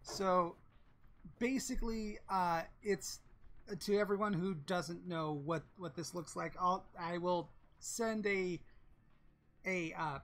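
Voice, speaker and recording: Woman game master, slow, hesitant narration with lots of restarts, lowish voice. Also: steady tone. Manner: halting, full of fillers and restarts.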